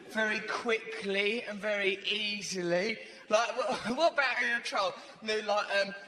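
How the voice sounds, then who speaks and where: A man doing stand-up comedy, telling stories in a fast, animated way with sudden put-on voices and bursts of shouting. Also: sits high. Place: large theatre stage. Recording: echoey live venue, crowd noise.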